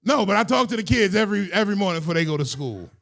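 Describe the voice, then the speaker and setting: A man's voice: high voice, lively intonation, racing, vocal fry, a bit bright. A man doing a stand-up comedy set on stage, telling loose, profane stories with stammered restarts. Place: comedy stage before a live audience.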